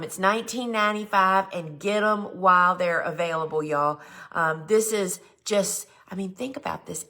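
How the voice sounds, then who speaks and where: A woman with a fairly low, creaky voice, pushed and bright, hosts a live flower gardening show. She chats casually and enthusiastically while showing seed sets for sale, often saying "y'all."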